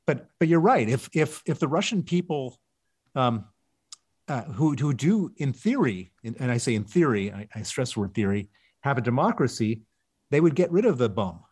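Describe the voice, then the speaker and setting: A man's voice: medium pitch, expressive, moderate pace, a little mellow, husky. A man speaking as an author guest in an interview, explaining emphatically and stressing key words. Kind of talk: interview answers.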